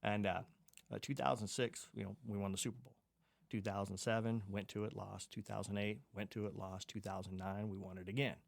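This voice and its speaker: A middle-aged football coach talks as a podcast guest, his voice low and the recording dry. He recalls things in a matter-of-fact way, often repeating words as he goes. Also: little pitch movement, brisk, gravelly, no room sound. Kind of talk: casual interview talk.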